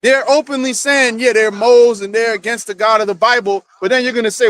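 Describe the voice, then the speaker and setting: A high-voiced man speaks with fervor in a church discussion, firing off rhetorical questions as he rebukes his listeners. His voice sounds close and dry, with no room behind it. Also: steady tone, brisk, few pauses, a bit bright, no room sound. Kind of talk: casual religious discussion.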